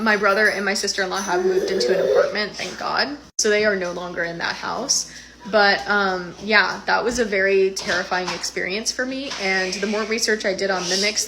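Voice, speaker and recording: A woman in her thirties telling her own eerie experience in a casual, animated way, acting out what people said. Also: medium pitch, creaky. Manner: animated, retelling with quoted voices and fillers. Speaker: storyteller sharing a personal experience. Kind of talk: casual first-person storytelling.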